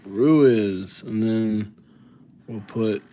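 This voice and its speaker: A man chatting casually and joking at his own expense on a live calligraphy stream, dropping to soft murmurs as he writes. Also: on the low side, extremely slow. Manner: chatty, self-mocking, drops to soft murmurs while writing. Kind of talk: casual live-stream chat while writing.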